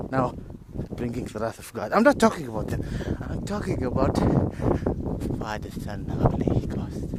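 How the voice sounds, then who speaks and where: A man rambling in a monologue while he walks outdoors, repeating himself and laughing to himself, with loud wind hitting the mic. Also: medium pitch. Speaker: vlogger. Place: outdoors, walking in strong wind.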